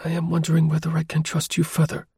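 A frightened young French lady with a secretive air, as the male narrator puts her on, pitched well above his own voice. Her urgent, pleading lines come out husky and gravelly. The recording is dry and close. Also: monotone, fast talker, a little mellow, no room sound. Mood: uncertain. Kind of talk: audiobook character voice.

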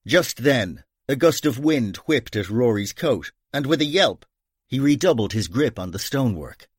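A man with an Irish accent narrating an audiobook in a measured storytelling manner. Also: medium pitch, sing-song, slightly rough, no room sound, studio quality.

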